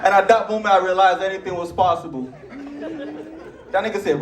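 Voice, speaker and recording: Man, Nigerian accent, stand-up comedy, lively, distant mic, loud laughing crowd. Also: fairly quick, background noise. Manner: animated, shouts acted quotes in a high voice. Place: large theater stage with live audience. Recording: roomy theater sound, distant mic, loud audience laughter.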